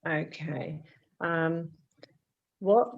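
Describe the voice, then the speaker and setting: Woman moderator, lowish voice, hesitant reader, muffled online call sound. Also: drawn-out words, creaky. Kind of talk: reading out audience questions.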